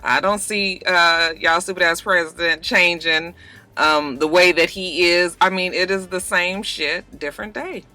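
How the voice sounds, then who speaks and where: A vlog host chats casually about celebrity news, talking bluntly with sassy asides, her mouth slightly thick from a dental retainer. Her lowish voice is unhurried, bright and forceful.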